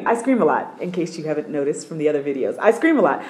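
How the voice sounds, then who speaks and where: A middle-aged woman with a fairly low voice recounts a personal testimony from her apartment. She tells it in an animated, emphatic way, acting out each voice in the dialogue with plenty of swings in energy. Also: fast, hardly any pauses. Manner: acts out dialogue, lively and emphatic. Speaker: missionary sharing a testimony.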